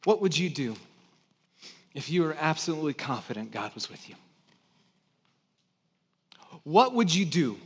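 A pastor preaching a conversational sermon to his church, swinging between loud emphasis and hushed, quiet stretches. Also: a little high, very animated, measured pace, long pauses, husky.

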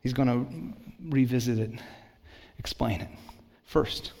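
A pastor preaching a sermon in church, moving between hushed and emphatic delivery and calling on the congregation. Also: male voice, medium pitch, expressive, takes it slowly, long pauses. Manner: calls on the congregation for responses.

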